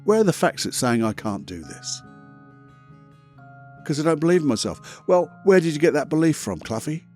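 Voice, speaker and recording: A man's voice: fairly high pitch, very animated, normal speed, a little mellow, soft background music. A man hosting a self-help podcast, talking in a blunt, chatty, motivational way with the odd mild swear. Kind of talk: casual motivational monologue.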